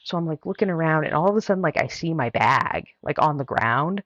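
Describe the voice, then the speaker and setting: A woman's voice: sits low, expressive, brisk, a bit bright, dry recording. A woman guest on a talk show, telling a story in a chatty way with lots of filler words. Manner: chatty, heavy use of "like" fillers. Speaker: guest runner. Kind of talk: casual storytelling. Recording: dull, dry lo-fi audio.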